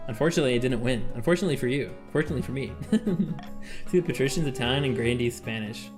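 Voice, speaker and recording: A man's voice: medium pitch, racing, soft background music. A man streaming a game with his chat, chatting casually, laughing often and reading game text aloud. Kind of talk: casual livestream chat while playing a game with chat.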